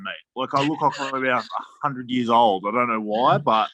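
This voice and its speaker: A man's voice: mid-range voice, normal speed, crowd noise. A man co-hosting a casual podcast, cracking crude jokes in loose banter. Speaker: podcast co-host.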